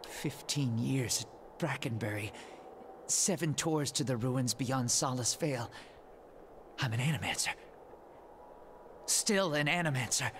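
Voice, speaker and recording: A man voicing a hunched, decaying, half-mad male scholar in a game, speaking in broken, halting bursts. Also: medium pitch, a bit bright, voice pushed up, lightly acted. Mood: anguished. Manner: broken, halting, fervent delivery. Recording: audible background hiss.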